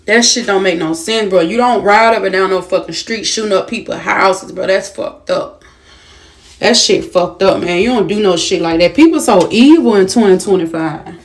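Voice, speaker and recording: A woman's voice: medium pitch, moderate pace. A woman venting to her vlog viewers in an agitated, profane, repetitive rant, shaken and upset. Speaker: vlogger.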